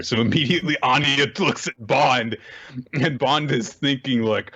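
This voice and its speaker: A man co-hosting a casual manga recap podcast, retelling chapters with animated jumps into high character voices and frequent laughter. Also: measured pace, muffled recording. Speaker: podcast co-host.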